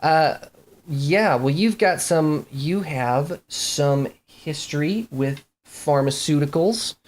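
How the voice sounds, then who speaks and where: Halting tabletop game master. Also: medium pitch, darkish tone. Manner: halting, full of fillers and restarts.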